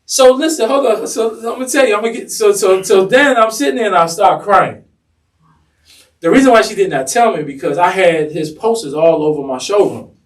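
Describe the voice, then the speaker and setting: A man's voice: sits high, animated, fairly quick, recorded from a distance. A man, a fashion designer, telling stories as an interview guest and animatedly acting out the people he quotes. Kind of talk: casual storytelling interview.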